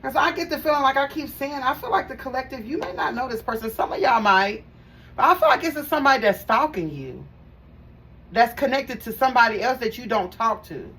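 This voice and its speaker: In a high-pitched, fairly bright voice with lively intonation and a brisk pace, this woman delivers a relaxed tarot reading. She addresses viewers directly, talking emphatically and repeating herself. The mic is somewhat distant and picks up faint background noise.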